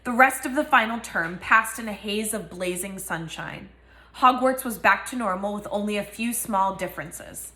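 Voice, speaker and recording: A woman's voice: medium pitch, moderate pace, sharp tone, roomy sound. A woman reading a novel aloud and giving each character a voice. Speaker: reader.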